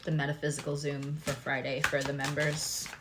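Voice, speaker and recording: A woman doing a live-stream tarot reading, talking to her viewers with lively exclamations and asides. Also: sits low, normal speed, heavy background noise. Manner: animated, talks to viewers, exclamations. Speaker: tarot reader.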